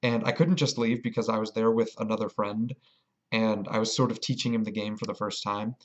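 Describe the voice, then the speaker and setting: A man telling a rambling, excited story about a game in a casual vlog. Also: lowish voice, a little fast, muffled recording. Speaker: vlogger.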